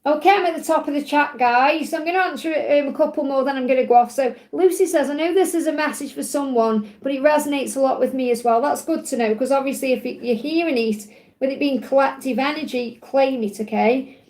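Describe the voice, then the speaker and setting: A woman hosting a live stream, giving reassuring card readings to viewers with a calm, soothing manner and often repeating key phrases. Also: high-pitched, a little fast. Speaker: tarot reader hosting a live Q&A.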